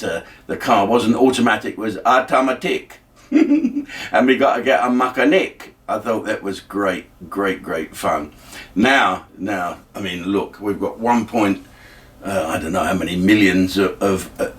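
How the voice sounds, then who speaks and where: A man's voice: on the low side, fairly bright tone, distant mic. An older man, hosting a casual comic monologue in a wry, rambling way full of fillers and restarts. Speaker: host. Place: by the water.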